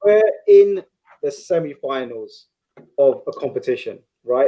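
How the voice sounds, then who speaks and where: A man's voice: mid-range voice, animated, a little slow, warm tone. A man, a guest on a fan podcast, giving an emphatic, rhetorical pep talk.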